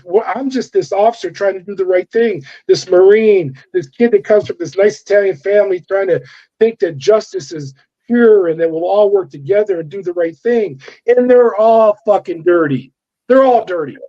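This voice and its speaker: A middle-aged man, a former corrections officer, telling his story in an interview with animated, profane delivery and acted-out dialogue. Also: high voice, normal speed. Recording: dull lo-fi audio.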